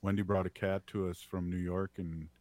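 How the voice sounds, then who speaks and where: Deep-voiced playful male radio host. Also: level tone, normal speed, darkish tone, dry recording. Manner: playful, chatty, jokey. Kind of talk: casual radio chat.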